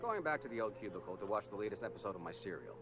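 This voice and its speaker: A man voicing a nerdy young office worker, quick and quiet. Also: fairly low pitch, very animated, noisy background, pitched below the performer's own voice. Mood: earnest.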